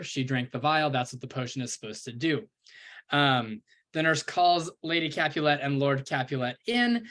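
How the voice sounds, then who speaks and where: A man's voice: fairly high pitch, fairly bright tone. A man teaching a play, explaining scenes in a casual way with many fillers. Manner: chatty, full of fillers.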